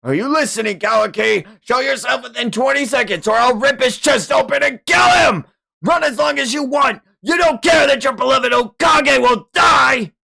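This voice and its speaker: A man's voice: medium pitch, lively intonation, moderate pace, a bit bright. A man voicing an arrogant, ancient male villain god who talks with contempt and barks commands. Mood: shouting threats.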